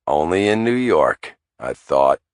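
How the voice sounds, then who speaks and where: Deep, dry male audiobook narrator. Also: animated, unhurried, no room sound. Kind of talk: first-person audiobook narration.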